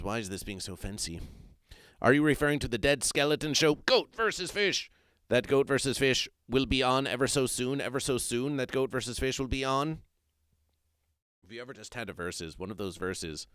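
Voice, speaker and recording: A man's voice: mid-range voice, a bit bright, clean tone, no echo, studio quality. A man hosting a comedic livestream, reading the chat and talking about himself in the third person in a stilted, grandiose way, often repeating his phrases.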